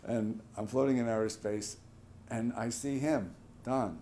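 A man in his sixties, a veteran, telling a personal memory in a halting, reflective, soft-spoken way. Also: mid-range voice, slight background noise. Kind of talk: personal testimony.

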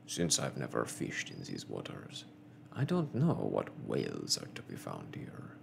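A man voicing a skeptical Canadian harpooner in a hushed, low, doubting whispered role-play. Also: huge pitch swings, unhurried, gravelly, noisy background, heavily acted. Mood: stubborn.

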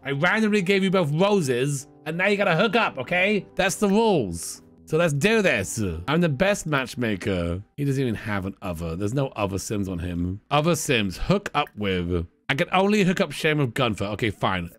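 A man hosting a casual let's play, chatty and joking as he thinks out loud. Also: medium pitch. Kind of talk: casual gameplay commentary.

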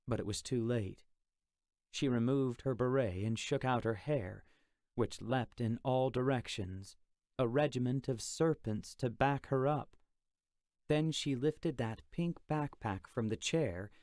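A man's voice: medium pitch, a little mellow, dry recording, clean studio sound. A man narrating an audiobook in the first person, in a reflective, plain, conversational manner.

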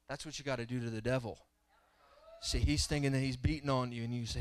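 A man's voice: medium pitch, fairly even intonation, quick pace. A man in his thirties preaching a sermon in church, telling stories and building to fervent exhortation. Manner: storytelling, rising to fervent preaching. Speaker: guest preacher. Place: church sanctuary.

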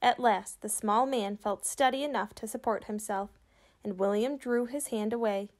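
A woman reading a children's book aloud, pausing to ask her young listeners questions about the story. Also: medium pitch, steady tone, a little mellow. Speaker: reader for children.

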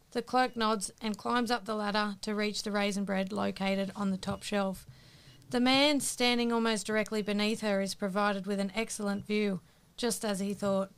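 A woman co-hosting a podcast, reading out jokes in a brisk, matter-of-fact way. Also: medium pitch, clear, resonant tone. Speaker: co-host telling jokes.

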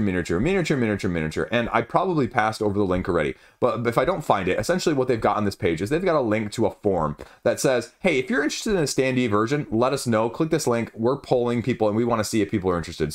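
A young man casually reviewing board game crowdfunding campaigns, rambling with wry asides. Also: on the low side. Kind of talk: casual video commentary.

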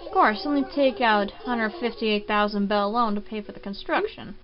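A woman voicing a smooth-talking male raccoon shopkeeper in a nasal, formal sales patter, reading the game's dialogue aloud. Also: mid-range voice, normal speed, muffled recording, close to an everyday voice. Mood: salesy. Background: game music.

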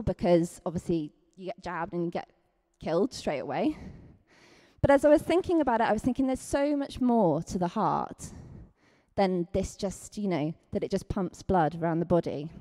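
Woman preacher, Scottish accent, mellow tone, chatty sermon, animated quoting. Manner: lively, chatty, acts out quotes with big pitch jumps.

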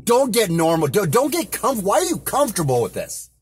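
A man's voice: high voice, huge pitch swings, a little fast, husky, soft background music. A man delivering a heated, profane rant from inside a car, often repeating himself. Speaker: vlogger. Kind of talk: angry ranting monologue.

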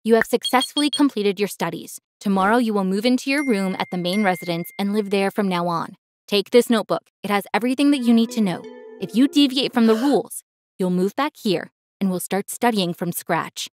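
A woman's voice: medium pitch, a little fast, natural voice. A woman narrator voicing a stern, strict female teacher in a cold, commanding tone.

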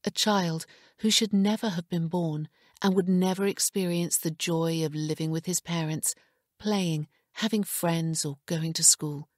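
Slow, breathy woman narrating an audiobook. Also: fairly low pitch, steady tone, no echo, clean studio sound. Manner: hushed, measured. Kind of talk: scripted narration.

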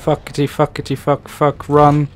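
A man giving casual gameplay commentary, joking and swearing a lot, growing loud and panicky when scared. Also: on the high side, completely flat delivery, normal speed, a little hiss or hum. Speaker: let's play gamer.

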